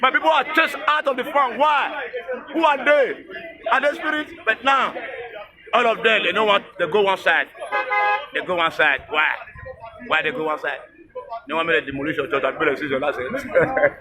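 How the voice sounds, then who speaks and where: A man with a Nigerian accent speaking in an impassioned interview, repeating words and exhorting like a preacher. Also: sits high. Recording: noisy crowd around the voice. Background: crowd noise.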